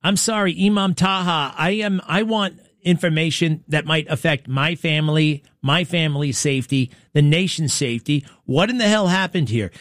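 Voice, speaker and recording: A man's voice: a little high, moderate pace, hardly any pauses, fairly bright tone, no echo. A man hosting a talk radio show, delivering a blunt, indignant, rambling monologue into a studio mic.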